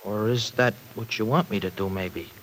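An actor playing a brash, bitter young ex-con in a 1940s radio drama, talking in gruff slang. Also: male voice, lowish voice, moderate pace, fairly bright tone, low-quality recording. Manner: slangy, gruff, self-pitying talk. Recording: old radio recording with faint hiss.

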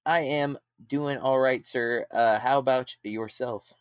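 A man's voice: medium pitch, fairly even intonation, slow pace, clear, resonant tone, dry recording, clean studio sound. Easygoing man hosting a podcast. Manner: easygoing, frequent ums and uhs. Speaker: podcast host. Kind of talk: casual podcast chat.

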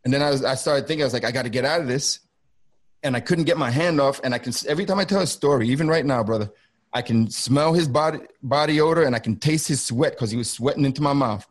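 Middle-aged man, ex-border agent, mid-pitched voice, intense and halting, talking over a video call. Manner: intense, halting, repeats himself. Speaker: former federal border agent, guest. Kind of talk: first-person storytelling on a video call.

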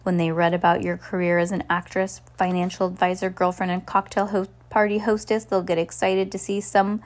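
A woman's voice: on the low side, little pitch movement, brisk, lightly acted. Woman doing a breathless gushing reporter. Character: eager gossipy female newspaper reporter.

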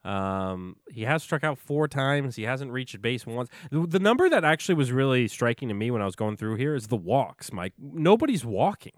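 A man's voice: medium pitch, big pitch swings, moderate pace, hardly any pauses, no echo, clean studio sound. A man co-hosting a casual sports podcast, chatting loosely and rattling off player stats over a remote call. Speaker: podcast co-host. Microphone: remote call mic.

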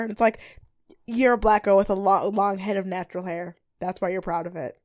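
A young woman co-hosting a casual recap podcast, animated and ranting, often acting out quotes. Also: medium pitch, a little fast, no room sound, clean studio sound. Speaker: podcast co-host.

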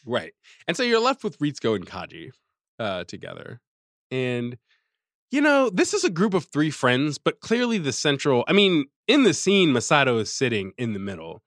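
A man co-hosting a podcast in casual chat, animated and laughing often, recapping episodes on a close mic. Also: mid-range voice, no room sound. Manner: animated, laughing, slips into quick character voices. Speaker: podcast co-host recapping an anime.

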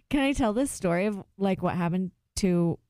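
A young woman hosting a podcast, telling a story in casual chat, animated and peppered with "like". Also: mid-range voice, measured pace, dry recording, studio quality. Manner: animated storyteller, many "like" fillers. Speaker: podcast host.

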